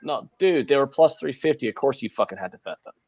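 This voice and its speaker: American guy hosting a betting podcast, gravelly voice, swears a lot, rambles, dull dry mic. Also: mid-range voice, expressive, quick pace, darkish tone, no room sound. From United States. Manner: brash, profane, rambling. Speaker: podcast host. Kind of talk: casual live betting podcast chat.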